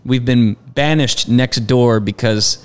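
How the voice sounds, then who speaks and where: A man's voice: medium pitch, slow pace, clean tone. A man co-hosting a podcast in casual chat, telling jokey stories in a small side room. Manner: jokey, animated storyteller. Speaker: podcast co-host.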